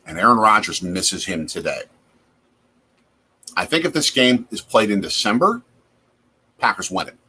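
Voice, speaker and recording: A man's voice: on the low side, very animated, normal speed, pauses often, sharp tone, a little hiss or hum. A man from Wisconsin hosting a casual live chat over a football game from his home basement, reacting aloud to plays. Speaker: host.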